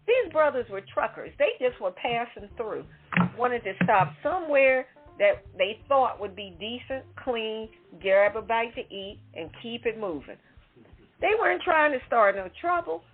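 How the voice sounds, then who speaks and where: Woman, fairly high husky voice, emphatic commentary, tinny phone line, faint music behind. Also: animated, measured pace. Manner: emphatic, indignant, conversational with asides. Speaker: talk show co-host. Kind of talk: opinion commentary segment.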